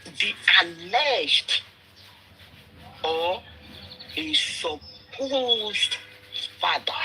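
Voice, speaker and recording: Speaking in a lowish voice over background noise, a Nigerian-accented woman weighs in on a live audio discussion via remote call. Her commentary is impassioned, emphatic and indignant, and she moves between English, Pidgin and Yoruba.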